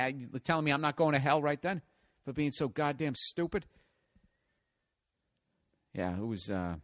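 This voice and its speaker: A male comedian in a profane, exasperated comedic rant. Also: medium pitch.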